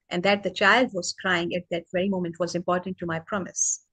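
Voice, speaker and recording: Woman, book reader, live session, brisk, stumbling now and then. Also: mid-range voice, fairly bright tone, rough recording. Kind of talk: reading a book aloud.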